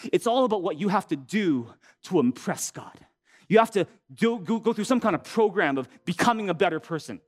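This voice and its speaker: Pastor guy preaching, pretty high voice, chatty and animated, lots of rhetorical questions. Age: adult with an older son. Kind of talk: sermon.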